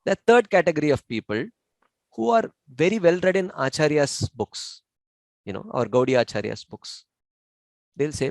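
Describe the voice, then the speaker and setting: A man's voice: on the high side, expressive, no echo, low-quality recording. Male scripture teacher, patient and explanatory, dry close sound, lots of "you know" and "uh". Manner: measured, explanatory, many fillers. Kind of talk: informal discussion.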